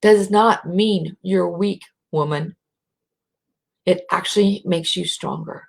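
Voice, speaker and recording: A middle-aged American woman with a faint rural twang talks slowly and reflectively, her voice low and gravelly. She leads listeners through breaths in a soft, unhurried way, sometimes sinking to a whisper. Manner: slow, soft, drops to a whisper at times. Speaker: spiritual speaker. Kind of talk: slow reflective talk with guided breathing.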